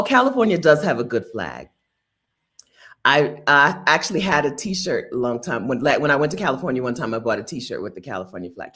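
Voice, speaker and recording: A woman with a low voice hosts a relaxed livestream, chatting with her viewers and reading their comments aloud. Her delivery is animated, her pitch leaps high and drops low, and she laughs often between chatty asides and restarts. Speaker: livestream host.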